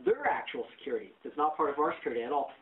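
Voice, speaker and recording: A man on a podcast telling a profane, animated story and acting out the people in it. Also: medium pitch, very fast, far from the mic. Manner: animated, profane, acts out quotes. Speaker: podcast host. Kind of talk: casual storytelling chat. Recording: tinny lo-fi phone-like audio.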